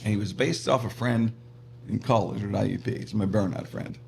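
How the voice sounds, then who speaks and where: Middle-aged male guest, animated storyteller with faint background hum. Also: lowish voice, fairly quick, creaky. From Pittsburgh, USA. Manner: animated, laughs often, acts out voices in his stories. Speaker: comedian and radio personality guest. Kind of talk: casual storytelling interview.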